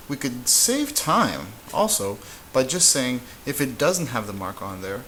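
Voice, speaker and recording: A man teaching a casual whiteboard lesson, relaxed and halting, with frequent fillers and restarts. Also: medium pitch, a little hiss or hum, low-quality recording. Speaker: Spanish teacher.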